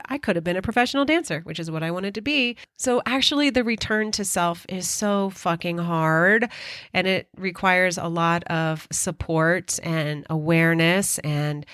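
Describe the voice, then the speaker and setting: A middle-aged woman hosts her own podcast and talks through a personal story, earnest and openly emotional, with casual swearing along the way. Her voice sits a little low. The sound is close and dry, with no room echo. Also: normal speed, fairly bright tone, clean tone. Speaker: podcast host.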